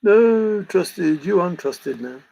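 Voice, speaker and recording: A man's voice: fairly high pitch, normal speed, creaky, husky, low-quality recording. A middle-aged man hosting a livestream, joking and laughing as he banters with viewers in the chat. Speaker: livestream host answering chat. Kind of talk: casual chat.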